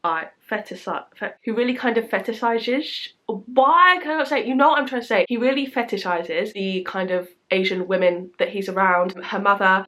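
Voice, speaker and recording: A woman's voice: mid-range voice, fairly bright tone. A young woman chatting casually about books, with lots of fillers and a few stumbles over words. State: croaky from illness. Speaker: book vlogger. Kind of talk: casual chat.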